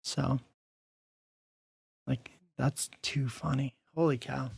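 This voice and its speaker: A man's voice: medium pitch, steady tone, slow pace, vocal fry, slightly rough, no room sound, clean studio sound. A man hosting a podcast interview, telling stories in a casual chat with lots of fillers and restarts. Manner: storytelling with many fillers and restarts. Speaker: podcast host.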